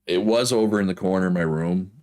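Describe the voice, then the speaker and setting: A man's voice: deep voice, fast, darkish tone. A man from Prince Edward Island with a strong Canadian East Coast accent, chatting casually and rambling with frequent laughs while playing a game. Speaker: gaming streamer.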